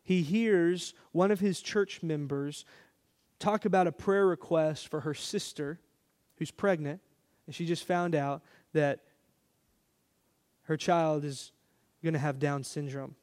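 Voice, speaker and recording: A man's voice: fairly high pitch, steady tone, slow, pauses often. Man preaching a conversational sermon. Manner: conversational, warm storytelling with quoted dialogue. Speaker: pastor. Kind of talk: sermon storytelling.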